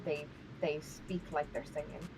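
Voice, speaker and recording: A woman's voice: deep voice, level tone, a little slow, very noisy. A woman from Ireland chatting on a stream, teasing in a dry, matter-of-fact way. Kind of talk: casual stream chat.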